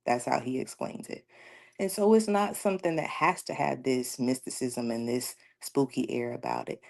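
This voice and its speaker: A woman with a very low, gravelly voice talks on a radio show. She tells her stories earnestly and breaks into laughter now and then. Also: darkish tone. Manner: earnest, storytelling, laughs often. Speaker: guest speaker. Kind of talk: casual talk radio conversation.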